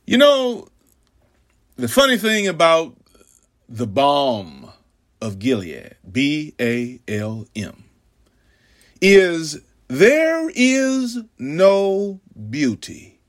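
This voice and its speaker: Slow, soaring preacher man. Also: fairly high pitch, sing-song. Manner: dramatic swings from loud cries to hushed whispers; slow, drawn-out preaching cadence. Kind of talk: sermon.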